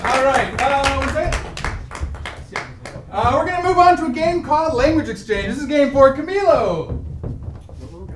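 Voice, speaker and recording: Brief: high-voiced male improv host, lively and joking, distant mic, echoey club. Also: moderate pace, long pauses, noisy background. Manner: energetic, joking with audience. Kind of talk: live comedy hosting. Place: comedy club stage.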